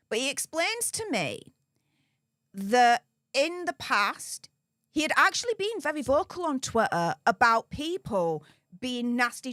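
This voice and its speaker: Woman hosting a livestream, high voice that bounces all over, mocking and gleeful, lively tone. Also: no echo, clean studio sound. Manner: animated and mocking, gleefully teasing. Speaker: livestream host. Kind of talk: casual live commentary.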